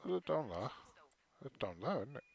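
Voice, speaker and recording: A man's voice: mid-range voice, sing-song, normal speed, vocal fry. A man streaming a space trading game, chatting casually and muttering to himself as he plays. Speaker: gaming streamer. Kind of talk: casual gameplay commentary.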